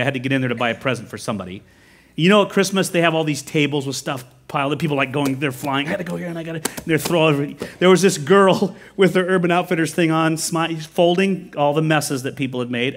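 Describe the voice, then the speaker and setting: A middle-aged American man preaching a sermon as pastor, conversational and animated, telling stories with quick asides. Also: a little high. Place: church sanctuary.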